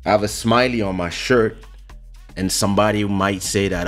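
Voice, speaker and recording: Low-voiced man hosting a ranting chat. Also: moderate pace, faint music behind. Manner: animated, ranting. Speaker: host. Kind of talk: casual livestream chat. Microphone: studio microphone.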